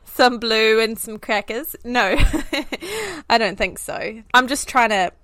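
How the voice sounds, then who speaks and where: A woman's voice: a little high, slow pace, no room sound. A woman, telling stories animatedly in a casual chat. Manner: animated storyteller, laughs often.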